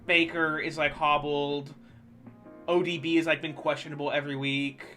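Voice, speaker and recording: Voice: medium pitch, moderate pace, soft background music. A streamer ranting casually and profanely about football while playing a baseball management game. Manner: animated, profane sports ranting.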